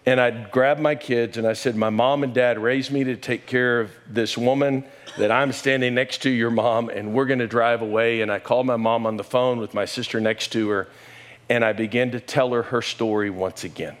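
A man's voice: fairly even intonation, normal speed. Man preaching a personal family story. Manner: storytelling, emotional, rises in pitch and volume when quoting. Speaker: pastor. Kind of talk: sermon.

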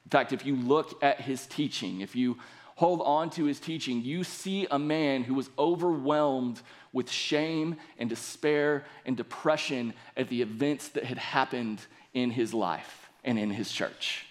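A young man delivering a Sunday sermon in an earnest, steady voice. He reads scripture aloud and then presses his points with rising emphasis. His pitch sits at an ordinary middle for a man. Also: unhurried. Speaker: pastor.

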